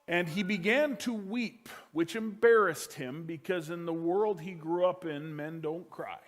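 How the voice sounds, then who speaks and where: Telling a family story from the pulpit, a male pastor moves between loud emphasis and quiet, hushed lines. His voice is high-pitched and his delivery unhurried.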